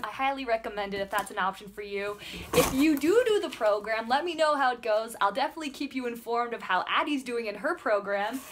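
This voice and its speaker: A young woman, a mom, chatting in a bubbly, excited way while unboxing for a vlog at home and talking to her toddler. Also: fairly high pitch. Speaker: mom vlogger. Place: home room with backdrop. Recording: noisy home recording.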